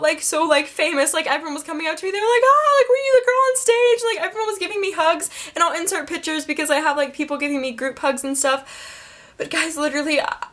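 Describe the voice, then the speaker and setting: A woman's voice: high-pitched, a bit bright. A teenage girl vlogging, gushing with many fillers and close to tears. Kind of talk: emotional casual vlog.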